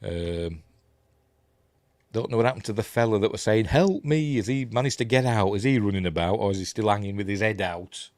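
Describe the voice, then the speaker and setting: A man's voice: lowish voice, a little fast, dry recording. A middle-aged man with a Yorkshire accent, talking casually through a film scene by scene with lots of ums and dry, wry jokes. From Yorkshire, England. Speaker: film review host. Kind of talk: casual film commentary over footage.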